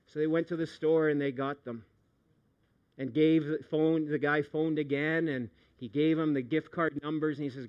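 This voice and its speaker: A middle-aged man, a pastor preaching a sermon, animated, moving from hushed storytelling to loud outbursts. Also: on the high side, moderate pace.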